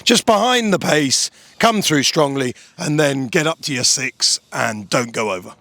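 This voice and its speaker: A man's voice: a little high, lively intonation, measured pace, creaky, sharp tone, no room sound. A man chatting as a guest outdoors at a racecourse, wry and teasing, with blunt opinions. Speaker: racing presenter guest. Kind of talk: casual chat.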